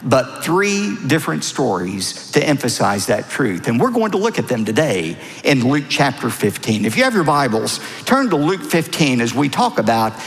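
A middle-aged male pastor preaching a sermon in a church, animated and acting out voices when he quotes. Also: mid-range voice, moderate pace, creaky, few pauses. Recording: long hall reverb.

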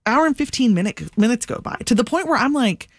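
A woman's voice: on the high side, quick pace, no room sound, studio quality. A woman co-hosting a podcast, telling a story in casual chat, filling it with "like" and acting out what people said. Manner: animated, lots of "like", acts out quotes. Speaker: podcast co-host.

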